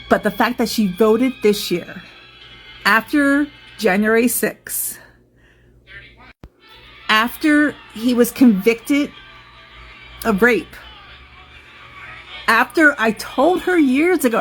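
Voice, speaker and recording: A woman speaking earnestly and emphatically about feeling hurt, in a personal vlog. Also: a little high.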